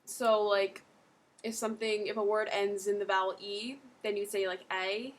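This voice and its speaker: A woman's voice: medium pitch, flat delivery, moderate pace, rough recording. Rambling woman giving a casual tutorial. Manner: rambling, lots of "like" and "um". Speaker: accent tutor.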